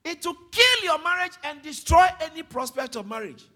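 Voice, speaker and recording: High, animated preaching man. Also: normal speed. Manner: dynamic preaching, swings from soft to shouting, calls on the congregation. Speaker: pastor. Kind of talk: sermon. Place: church hall with congregation.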